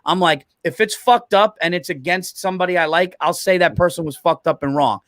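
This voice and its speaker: High-voiced man in profane podcast banter. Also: fairly quick, no echo, studio quality. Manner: profane, animated storytelling with impressions. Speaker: podcast co-host. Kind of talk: casual chat.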